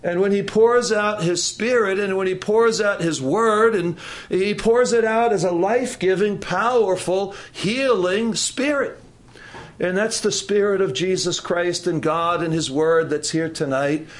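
A man with a high voice preaches a sermon to a church congregation. He talks in repeated phrases and puts questions to the people in front of him. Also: unhurried. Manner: repetitive, call-and-response preaching with audience questions. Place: church service.

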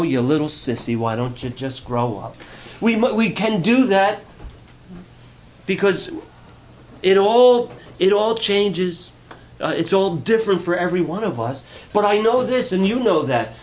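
A male pastor giving a conversational, playful sermon, asking the congregation questions. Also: sits high.

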